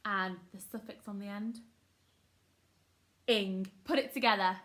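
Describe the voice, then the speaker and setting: A woman's voice: mid-range voice, fairly even intonation, unhurried, pauses often, a bit bright. A woman teaching a phonics lesson to young children, upbeat and encouraging, sounding words out syllable by syllable. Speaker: primary school teacher.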